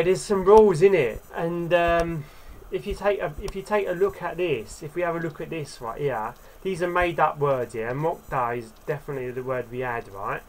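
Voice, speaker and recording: A man giving a casual video lesson, explaining things loosely with many fillers and tag questions, and sounding out example words slowly. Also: a little high, slight background noise. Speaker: Korean language teacher.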